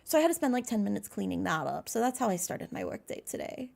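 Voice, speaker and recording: A woman's voice: mid-range voice, sing-song, fast talker, vocal fry, a little mellow. A young American woman streaming live, chatting casually, greeting viewers by name and laughing at herself. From United States.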